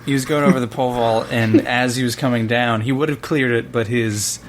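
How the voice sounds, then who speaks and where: A man's voice: mid-range voice, steady tone, a little fast, slight background noise. A young man hosting a casual podcast, reading listener questions and teasing his co-hosts. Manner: joking, teasing.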